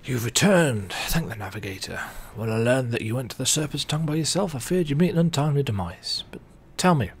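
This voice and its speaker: A man's voice: medium pitch, lively intonation, brisk, hardly any pauses, lightly acted. A man reading the lines of a weary, solemn naval officer in a game. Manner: read-out game dialogue.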